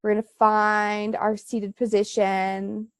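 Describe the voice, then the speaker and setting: A woman leads a live online breathing class in an unhurried, easygoing way, with plenty of fillers along the way. Her voice sounds a little congested. The sound is dry and close, coming through a video call. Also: medium pitch, clean tone, no room sound. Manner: relaxed, chatty instruction with frequent fillers. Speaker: yoga and breathwork teacher.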